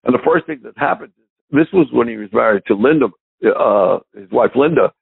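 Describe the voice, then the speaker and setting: An older man, a guest drummer, telling lively anecdotes with a raspy voice and frequent chuckles, heard over call audio. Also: medium pitch, brisk, no room sound, narrow, tinny audio. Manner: lively storyteller who chuckles often.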